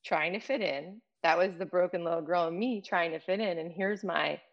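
A woman with a deep, gravelly voice talks openly and emotionally, full of fillers and restarts. She sounds middle-aged, and the recording is a little muffled. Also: moderate pace. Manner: emotional, rambling, frequent fillers. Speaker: guest. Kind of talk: candid personal conversation.

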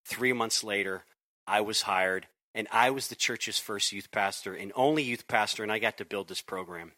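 Bright-voiced man telling stories. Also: fairly low pitch, moderate pace. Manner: animated storyteller, acts out voices. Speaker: youth pastor, guest. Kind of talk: casual podcast conversation.

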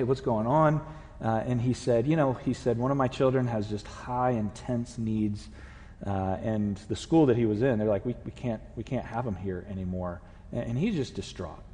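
A man's voice: mid-range voice, fairly quick, a little mellow, big-room sound. A man preaching a conversational sermon and putting questions to his congregation. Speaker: pastor. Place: church sanctuary.

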